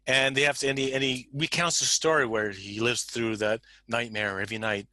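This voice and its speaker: A man hosting a relaxed sports podcast, his voice bright and forward. He rambles with many restarts, retelling film scenes with quick quoted lines. The sound is dry and close. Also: mid-range voice, no room sound, rough recording. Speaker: podcast host. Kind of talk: casual chat.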